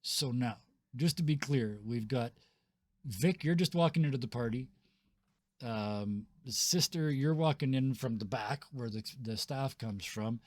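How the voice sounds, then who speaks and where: Man, game master, tabletop narration, easygoing, mid-pitched, dry close sound. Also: measured pace, a little mellow, no room sound. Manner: laid-back, chuckling, filler-heavy.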